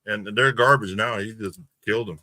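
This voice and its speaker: A man's voice: on the low side, brisk, crowd noise. A man hosting a talk show, chatting casually and adding short, encouraging replies. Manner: brief encouraging backchannels, relaxed. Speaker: host. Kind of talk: casual chat.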